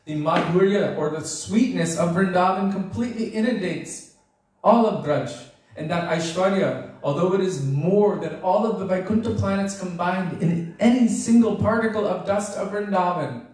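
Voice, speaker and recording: A man giving a devotional storytelling lecture, animated and acting out the characters as he goes. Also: high-pitched, moderate pace. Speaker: devotional speaker. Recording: very echoey room, voice far from mic.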